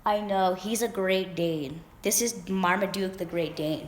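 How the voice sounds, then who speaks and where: A woman's voice: mid-range voice, fairly even intonation, unhurried, hardly any pauses, a little hiss or hum. A young woman vlogger rambling through a casual story, with lots of fillers and restarts.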